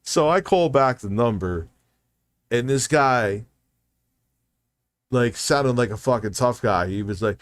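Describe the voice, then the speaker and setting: A man's voice: medium pitch, expressive, slow, pauses often, no echo, clean studio sound. Profane ranting streamer guy. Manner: profane, heated, acts out phone calls. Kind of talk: casual stream chat, ranting story.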